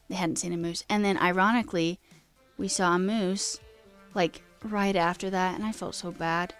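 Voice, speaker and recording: A woman streaming as a coding host, chatting casually and rambling with self-deprecating asides while her pitch jumps up mid-sentence. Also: steady tone, normal speed, soft background music. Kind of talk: casual live-stream chat.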